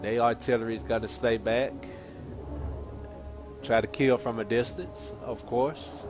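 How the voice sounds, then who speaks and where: A man's voice: medium pitch, steady tone, unhurried. A man giving casual, rambling gameplay commentary as a gaming channel host, thinking aloud as he plays. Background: game music.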